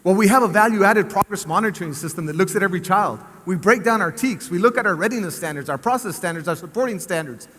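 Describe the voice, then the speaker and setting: High, bright man in a hall. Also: fast, few pauses. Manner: animated storyteller, rising to cheering shouts. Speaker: school district superintendent. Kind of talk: motivational speech to staff assembly. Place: large assembly hall. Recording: echoey hall with long reverb.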